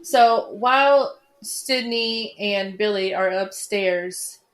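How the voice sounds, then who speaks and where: A woman's voice: mid-range voice, slow pace, fairly bright tone. A woman co-hosting a podcast, casually recapping a horror film in a chatty way with many fillers. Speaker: podcast co-host.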